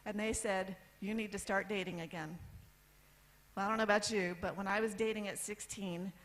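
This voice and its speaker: A woman in her fifties from the United States telling a personal story on stage, candid, with lists and pauses for effect. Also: mid-range voice, steady tone, fairly bright tone, low-quality recording. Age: 50s. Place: event stage.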